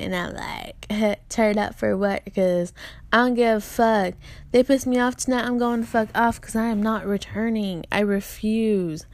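A woman's voice: mid-range voice, dry recording. A young woman venting bluntly and profanely in a casual solo podcast monologue. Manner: profane, blunt, animated ranting. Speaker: podcast host.

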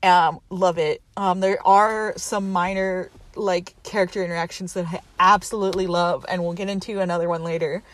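A woman casually retelling a movie plot in a chatty, animated way. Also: lowish voice, moderate pace, hardly any pauses, dry recording. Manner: chatty, animated, quotes characters with voices. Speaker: movie recapper.

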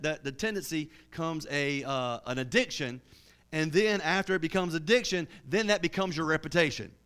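A man's voice: fairly high pitch, a bit bright. A man preaching a sermon with fervour, often repeating and restarting his words.

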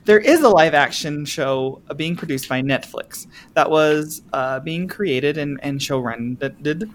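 A man's voice: fairly high pitch, takes it slowly, a little hiss or hum. A man co-hosting a casual podcast, rambling and searching for his words. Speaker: podcast co-host. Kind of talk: casual chat.

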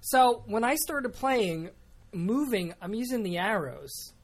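A woman's voice: a little high, expressive, breathy edge. A woman hosting a casual podcast chat about a video game, talkative and self-deprecating. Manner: chatty, self-deprecating, quick asides. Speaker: podcast host.

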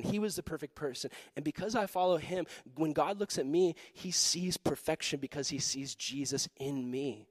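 A young man preaching to a youth group, telling a story with lively acted-out voices and frequent laughter. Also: fairly high pitch, no echo. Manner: animated, acts out voices in his story, laughs often. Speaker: pastor.

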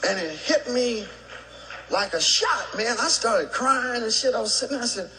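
A man's voice: very high voice, animated, normal speed, bright, forceful tone, roomy sound, low-quality recording. A male stand-up comedian telling a brash, profane story in a comedy routine.

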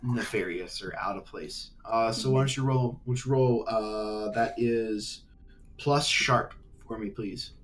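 A young man narrating a tabletop game as game master, halting and rambling with fillers. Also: lowish voice, steady tone, a bit bright, a little hiss or hum.

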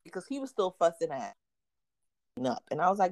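On the low side and a little fast, her voice carries animated stories as she co-hosts a casual podcast chat. She acts out quotes along the way and laughs frequently.

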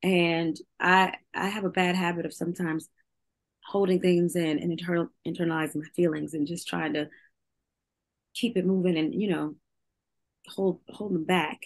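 A woman's voice: lowish voice, fairly even intonation, moderate pace. A woman, a singer, talking candidly in an interview, open and emotional, laughing often as she speaks.

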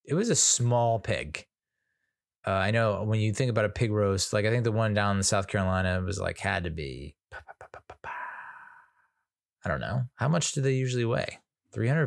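A man's voice: lowish voice, creaky. An American man hosting a casual solo podcast, telling stories in a chatty, self-mocking way. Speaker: podcast host.

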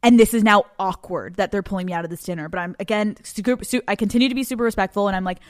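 A young woman hosting a podcast, telling a story in a casual, animated way with lots of swearing and laughter. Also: mid-range voice, fast talker, dry recording, clean studio sound. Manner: animated, profane, laughing often. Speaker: podcast host.

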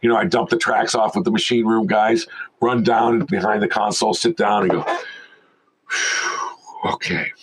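A man's voice: on the low side, moderate pace, slightly rough, rough recording. An older man, a veteran film sound mixer, telling stories casually as an interview guest and animatedly acting out the people in them. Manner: animated storyteller who acts out quoted voices.

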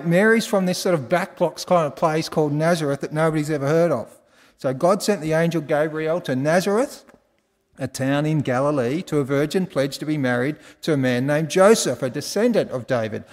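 A man's voice: on the high side, long reverb tail. A man with an Australian accent preaching a conversational sermon, quizzing the congregation with folksy asides. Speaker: pastor. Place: large church hall.

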